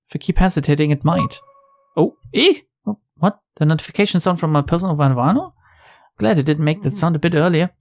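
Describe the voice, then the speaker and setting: A woman's voice: lowish voice, darkish tone. A woman reading aloud as a frightened young woman detective hiding from a monster in a game, stammering and pleading. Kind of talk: reading a visual novel's lines aloud.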